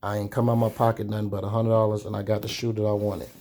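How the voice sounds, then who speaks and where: Young man, candid chatty storyteller, mellow warm tone, casual vlog. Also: fairly low pitch, little pitch movement, a little hiss or hum. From Chicago. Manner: candid, chatty, drawn-out pauses. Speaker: sneaker vlogger.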